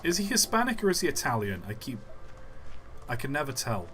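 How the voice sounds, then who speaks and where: Rambling young streamer, bright voice. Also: male voice, mid-range voice, sing-song, brisk, soft background music. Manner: rambling, musing aside while playing. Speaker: game streamer. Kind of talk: live gameplay commentary.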